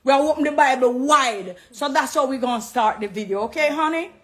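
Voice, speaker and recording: A woman's voice: sits high, a little fast. A middle-aged Jamaican woman talking straight to her viewers, preachy and affectionate, slipping between English and patois. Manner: warm, preachy, switching into patois. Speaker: dancehall artist turned Christian. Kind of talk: direct address live video.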